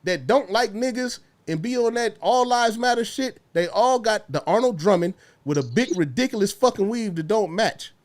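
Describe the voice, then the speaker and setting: A man's voice: high-pitched, normal speed, few pauses. A man co-hosting a casual online talk show, joking and swearing freely as he argues. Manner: animated, joking, profanity-heavy, slips into mocking voices. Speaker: podcast co-host. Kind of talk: casual profane banter.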